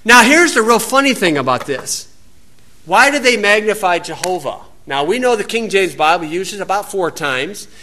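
A man's voice: high-pitched, sing-song, moderate pace, bright, forceful tone. A man with an American accent giving an informal, folksy Bible teaching outdoors, wandering into asides and rising to emphatic preaching.

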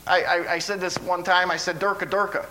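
Guy preaching a sermon, folksy and stammery, kinda high bright voice. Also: level tone, brisk, slight background noise, poor audio. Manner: stammering restarts, folksy asides.

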